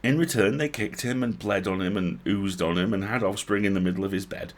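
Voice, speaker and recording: A man reading a novel aloud on a livestream, expressive, breaking off to comment on lines he likes. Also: on the low side, fairly quick. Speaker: host reading a book aloud.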